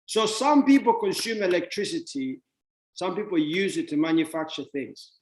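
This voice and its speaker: A man's voice: high voice, expressive, moderate pace, a little mellow. A man delivers a motivational talk in a somewhat raised voice, teasing his listeners with wordplay and chuckles before turning blunt. The room around him rings with echo. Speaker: speaker giving a money talk.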